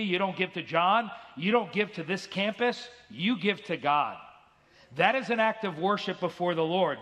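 A man in the pulpit delivering an earnest sermon in a high-pitched voice. His tone is bright and forceful, and he slips into acted voices to tell his stories. The sound carries through a big church sanctuary with a long, ringing reverb. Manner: earnest preaching, acts out quoted voices. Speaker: pastor.

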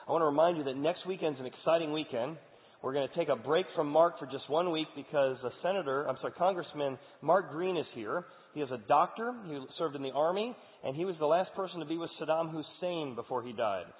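A male pastor delivers a sermon in an earnest, conversational manner. His voice rings with long hall reverb and sounds thin, like over a phone line. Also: a little high.

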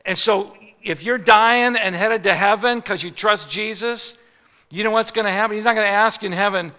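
A man from Chicago preaching a sermon, telling a comic story in an animated way that rises into mock outrage. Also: high-pitched, normal speed, long reverb tail.

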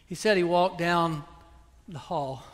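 Older man, pastor, earnest sermon, high-pitched voice, long church reverb. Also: slow. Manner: earnest, pleading preaching that drops soft into prayer.

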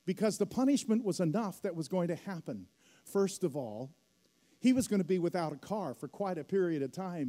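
A man's voice: sits high, warm tone. A middle-aged man preaching a sermon as pastor, telling a story and rising to emphatic peaks. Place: church hall. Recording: long hall reverb.

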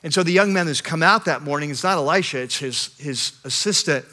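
A pastor preaching in church, his voice sitting fairly high for a man. The tone is bright and forward as he tells a scripture story with growing animation, often stumbling and restarting his phrases. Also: a little fast. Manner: animated storyteller, building intensity with repeated restarts. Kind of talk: sermon retelling a scripture story. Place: church service with a live congregation.

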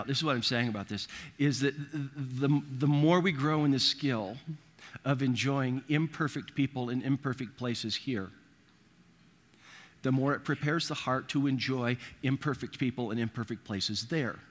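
Bright-voiced man preaching in a big hall. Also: medium pitch, normal speed. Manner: storytelling with quoted voices and humor. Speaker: pastor. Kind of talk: sermon. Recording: long reverb of a large hall.

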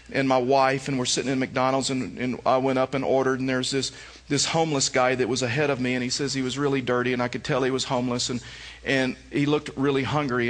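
A man's voice: medium pitch, a bit bright. A male pastor giving a sermon, telling stories conversationally and then pressing his points with emphasis. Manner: conversational storytelling that rises to emphatic preaching.

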